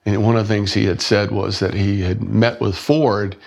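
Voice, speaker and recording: A middle-aged man, telling a personal story as a podcast guest, halting and restarting his words and acting out the people he quotes. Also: on the low side, level tone, vocal fry, darkish tone.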